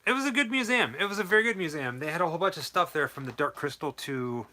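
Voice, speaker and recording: A man co-hosting a live stream, chatting casually, adding short remarks and telling things in a steady order. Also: fairly high pitch, fast talker.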